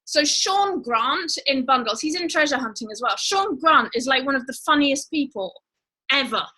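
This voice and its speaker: A woman's voice: sits high, lively intonation, moderate pace, pushed and bright, rough recording. A woman hosting a live online show, chatting casually with viewers in a bubbly way with lots of fillers. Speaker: livestream host.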